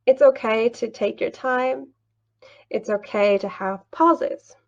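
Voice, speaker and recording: A young woman explains online teaching step by step in a patient, teacherly way, asking questions and answering them herself. Her voice sits a little high and carries a gravelly fry. She speaks slowly, and the recording sounds slightly dull. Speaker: English teacher and teacher trainer. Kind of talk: screen-share tutorial with a demo lesson.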